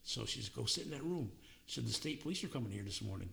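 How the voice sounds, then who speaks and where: A man's voice: mid-range voice, expressive, quick pace, vocal fry, fairly bright tone. An older man telling his own recovery story in plain, casual words, acting out the voices of the people in it. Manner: plainspoken, acts out quoted voices. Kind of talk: personal storytelling at a meeting.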